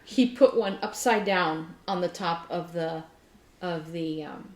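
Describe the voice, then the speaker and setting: Woman chatting away, low-ish voice, laughing a lot, echoey room. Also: a little slow. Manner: animated storyteller, laughing often. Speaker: podcast co-host. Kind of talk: casual chat. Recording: roomy echo.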